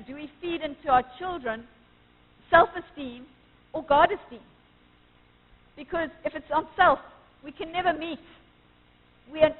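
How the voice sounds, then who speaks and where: A woman preaching a sermon at a church service, earnest and emphatic, quoting scripture with rising force. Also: high-pitched. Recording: tinny phone-like sound with long church reverb.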